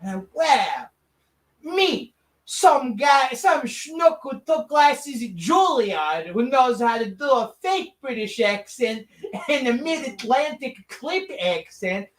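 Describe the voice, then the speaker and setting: High-voiced woman exclaiming through an improv scene. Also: expressive, slow pace, recorded from a distance. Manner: exclaiming, laughs often. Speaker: improv performer. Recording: echoey theater audio from afar.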